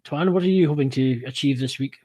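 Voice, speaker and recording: A man co-hosting a casual video call chat, teasing the others and talking in halting restarts. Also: mid-range voice, warm tone.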